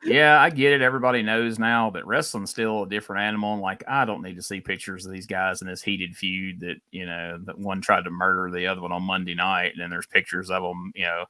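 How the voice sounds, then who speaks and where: A man talking as a guest in a casual podcast chat, relaxed and chatty, laughing easily. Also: sits low, brisk, few pauses, dry recording.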